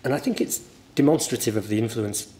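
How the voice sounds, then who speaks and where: A man with a mild northern English accent, a teacher giving a relaxed guest interview and telling stories thoughtfully at length. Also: medium pitch, fairly quick, slight background noise. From northern England. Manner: thoughtful, anecdotal, explains at length.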